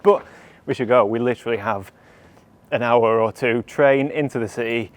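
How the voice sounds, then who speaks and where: A man talking casually to camera on a photography road trip, chatty and quick to laugh. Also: medium pitch. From England. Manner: chatty, laughs often, drops to a hushed voice indoors. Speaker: photography vlogger. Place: camper van and city streets.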